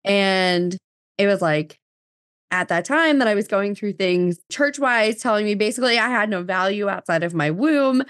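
A woman's voice: medium pitch, expressive, normal speed, a bit bright, no room sound. A woman in her thirties from New Jersey, a podcast guest telling her story in casual chat full of fillers and quoted dialogue.

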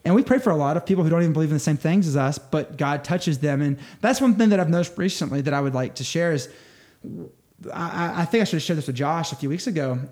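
A man telling stories as an interview guest, in an eager, halting way with many restarts. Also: fairly high pitch, a little mellow. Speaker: missionary guest. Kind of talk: interview storytelling.

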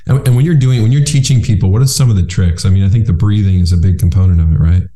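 Male podcast host, low dark voice, rambling and stammery restarts, echoey room. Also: fast. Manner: rambling, repeats words when starting sentences. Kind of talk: conversational interview. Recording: roomy echo.

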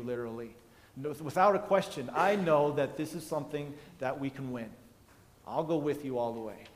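A man's voice: a little high, a little fast, big-room sound. A male pastor preaching a conversational sermon, acting out the biblical characters' dialogue as he explains the passage.

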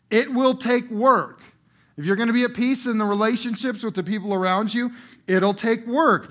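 A middle-aged pastor with a high, light voice preaches to his congregation in a church room. He punches key words loudly, then drops to near-hushed, slow phrases. His delivery is emphatic and conversational by turns. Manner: emphatic preacher, strong swings from loud bursts to quiet drawn-out phrases. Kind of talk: sermon.

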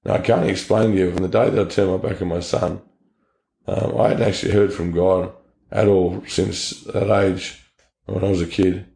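This interview guest is an Australian man sharing his personal story, blunt and earnest and full of slang. He speaks at a normal speed in a deep, gravelly, mellow voice with flat delivery, recorded in an echoey room.

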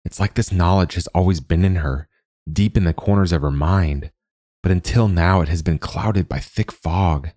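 A man reading an audiobook in a measured, even storytelling manner. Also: low-pitched, no echo, clean studio sound. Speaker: narrator. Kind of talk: audiobook narration.

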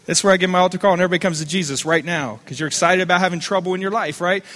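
Man, pastor, fervent sermon, call-and-response, sharp bright voice, long church-hall reverb. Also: sits high, rapid-fire.

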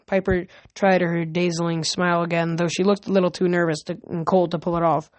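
A woman reading a novel aloud at home in a plain, steady way, with small slips and restarts. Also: on the low side, a little fast, few pauses, no echo. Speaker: reader.

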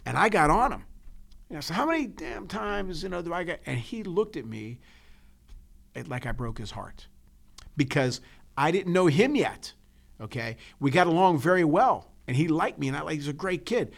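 Gravelly emotional coach. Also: male voice, fairly high pitch, expressive, normal speed. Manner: emotional, repeats words and restarts, tells stories. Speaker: coach and podcast co-host. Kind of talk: casual chat.

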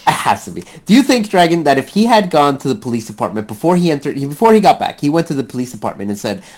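A man's voice: fairly high pitch, big pitch swings, quick pace, darkish tone. A man co-hosting a casual movie podcast, joking, swearing and slipping into mocking voices. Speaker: podcast co-host.

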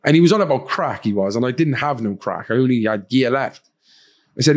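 A man's voice: medium pitch, lively intonation, a little fast. A man speaking as a podcast guest, telling his own story bluntly with heavy swearing and acting out other people's lines. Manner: blunt and heavily profane, acts out quoted voices. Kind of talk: candid personal storytelling.

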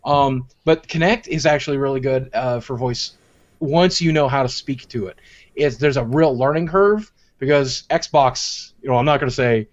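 This streamer co-host has a mid-range voice and talks at a normal speed. He chats casually, swearing and joking as he tells animated stories, and the recording sounds dull and lo-fi.

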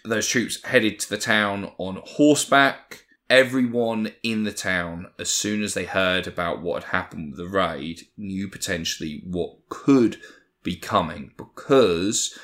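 Low-voiced man, casual history podcast host. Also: unhurried. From Ireland. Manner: swearing, animated banter. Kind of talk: casual chat and history storytelling.

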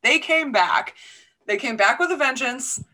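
Bright-voiced woman telling a story. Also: high voice, lively intonation, unhurried. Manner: laid-back storytelling, swears freely, laughs often. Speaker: podcast host telling a folklore story. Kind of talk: casual chat.

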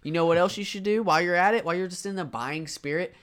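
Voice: medium pitch, quick pace, fairly bright tone, clean tone. A co-host of the show reading a sponsor spot in a brash, profane, salesy way. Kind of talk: casual ad read.

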